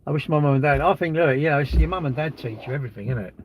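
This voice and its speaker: A man's voice: a little high, very fast, slight background noise. A man, chatting on a live stream in a rambling, blunt way, with crude banter and answers to viewers' comments. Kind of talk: casual live-stream chat.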